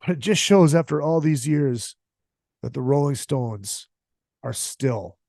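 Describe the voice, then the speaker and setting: A man with a dark, mid-range voice and vocal fry rants on his casual solo podcast, talking a little slowly but expressively. He's profane, opinionated and emphatic, and the recording is dry and of studio quality.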